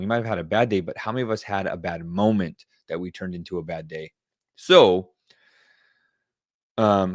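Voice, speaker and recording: Casual coaching man, low dry voice. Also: no echo. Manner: conversational, coaching tone with frequent fillers. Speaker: webclass host answering questions. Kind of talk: casual Q&A monologue on wellbeing.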